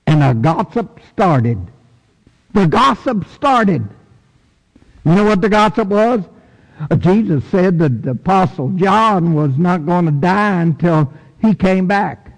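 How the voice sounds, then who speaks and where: A man preaching a sermon in a church, folksy and emphatic, with sudden high bursts for stress. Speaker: pastor. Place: church sanctuary. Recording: long echo of a big hall.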